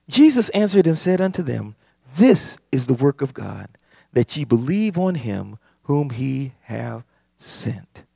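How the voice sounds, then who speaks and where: A man preaching a sermon, impassioned and building to shouts. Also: mid-range voice, big pitch swings, a little slow, creaky, slightly rough, no room sound, studio quality. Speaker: pastor.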